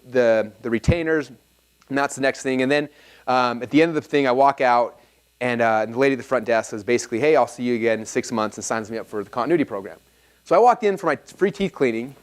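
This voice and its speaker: A man in his thirties delivers an energetic talk at a live seminar, telling anecdotes at a fast clip. His voice is medium-pitched, and he animatedly acts out both sides of each dialogue.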